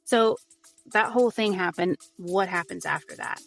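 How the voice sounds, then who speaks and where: A woman telling a true crime case on a podcast in a casual, animated way, filled with "like" and "you know". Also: fairly low pitch, normal speed, vocal fry, faint music behind. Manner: animated retelling, frequent "like" and "you know", acts out quotes. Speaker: podcast guest recounting a case.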